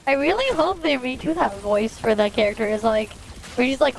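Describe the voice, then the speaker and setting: With game music behind her, a woman in a high, expressive voice talks fairly quickly to viewers during a relaxed live stream. She laughs often and swears freely as she plays.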